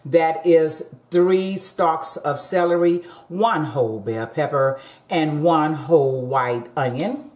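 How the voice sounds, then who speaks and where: Woman, cooking vlog host, casual chat, deep voice, unhurried, echoey kitchen. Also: a little mellow. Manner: chatty, talks straight to viewers as "y'all". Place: home kitchen. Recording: roomy echo.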